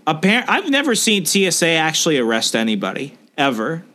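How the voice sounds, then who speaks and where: A young man tells a story in a relaxed group chat, his voice sitting a little high. He talks in an animated way and acts out the people he quotes. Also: brisk. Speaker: podcast co-host.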